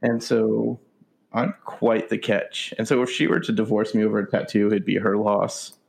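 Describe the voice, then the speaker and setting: A man co-hosting a podcast, telling a rant as a deadpan, boastful storyteller with a gravelly voice. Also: fairly low pitch, moderate pace. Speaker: podcast co-host. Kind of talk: casual ranting chat.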